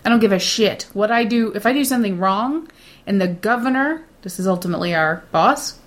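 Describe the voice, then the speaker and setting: A middle-aged woman talks in a relaxed, blunt way, sure of herself and unbothered. When she quotes nervous coworkers, she slips into mocking put-on voices. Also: mid-range voice, a little fast. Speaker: data center shift supervisor. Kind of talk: casual chat.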